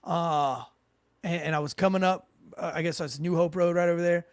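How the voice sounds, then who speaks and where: A man with a high, gravelly voice spins a lively story from his police days. He swears freely and acts out the people he met. The sound is dry and close. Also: a little fast, dry recording. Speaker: podcast co-host, former police officer. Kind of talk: casual storytelling chat.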